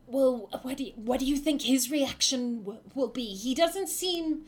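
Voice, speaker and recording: A woman's voice: high-pitched, husky. Woman putting on a flustered shapeshifter girl. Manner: hesitant, stammering, halting. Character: flustered young shapeshifter woman, rescued from the sea.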